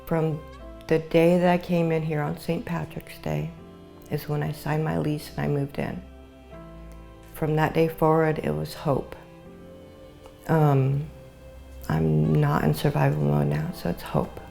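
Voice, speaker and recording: A woman giving an earnest testimonial about her new home, speaking slowly and deliberately. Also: low-pitched, little pitch movement, vocal fry, mellow, faint music behind. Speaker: housing resident. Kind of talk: testimonial interview.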